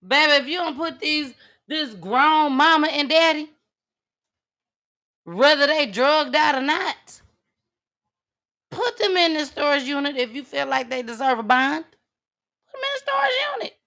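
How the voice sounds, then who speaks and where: A woman's voice: sits high, bright, forceful tone. A woman host giving blunt, outspoken commentary in on a live talk show.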